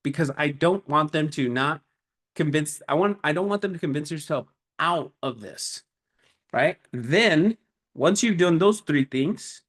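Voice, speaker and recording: A man coaches business owners in a loose, animated way, building each point like a story. His voice sits a little above the usual male range and he leans hard on short emphatic words. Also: a little high, unhurried. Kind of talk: casual motivational talk to camera.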